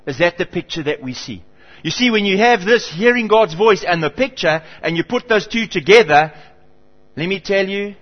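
A middle-aged man with a fairly high voice preaches fairly quickly as pastor in a church hall. He tells stories animatedly and performs the quoted voices, and the hall's dull reverb is audible.

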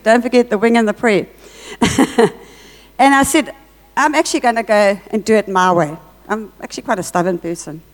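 A woman giving an earnest testimony at church, telling her story with lively reported dialogue. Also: on the high side. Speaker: church speaker sharing a testimony. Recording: long hall reverb.

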